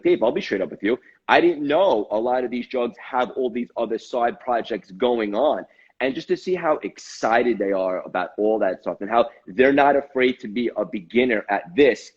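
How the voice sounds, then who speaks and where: A man with a New York accent hosting a casual show, earnest and animated, repeating himself as he talks. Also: mid-range voice, husky. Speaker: show host. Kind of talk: casual podcast chat. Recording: dull lo-fi audio.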